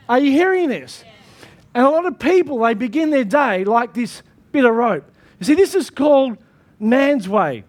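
A man with a strikingly high voice preaches a sermon from the pulpit. His delivery is emphatic, and he leans on repeated phrases to drive each point home. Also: animated, moderate pace. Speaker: pastor.

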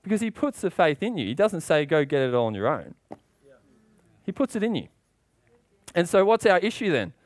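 A man's voice: sing-song, moderate pace, no echo. A man preaching a sermon with passion, asking rhetorical questions and getting worked up as he goes. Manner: impassioned, rising in pitch when worked up.

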